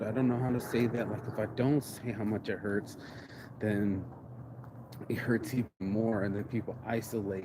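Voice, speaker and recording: A man from Las Vegas talking to camera in a heartfelt, rambling motivational monologue, swinging between sighs and emphatic outbursts. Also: fairly low pitch. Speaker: vlogger. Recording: noisy ambient background.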